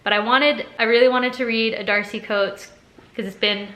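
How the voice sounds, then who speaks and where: A woman's voice: fairly high pitch, steady tone, moderate pace, a bit bright. A woman who is a teacher, chatting casually to camera in a vlog, rambling and laughing often. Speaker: teacher and vlogger.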